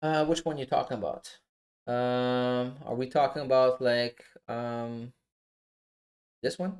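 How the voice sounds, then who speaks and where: A man with a non-native English accent, coaching viewers through trades in a relaxed, casual livestream and often checking in with "right?". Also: medium pitch, slow. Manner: relaxed, explanatory, often adds "right?" and "you know?". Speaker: forex trading coach. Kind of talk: casual live trading walkthrough.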